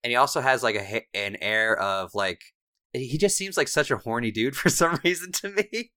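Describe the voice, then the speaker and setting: A man's voice: medium pitch, normal speed, bright, forceful tone, no echo, studio quality. A man co-hosting a podcast in casual chat, laid-back with frequent fillers. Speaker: podcast co-host and editor.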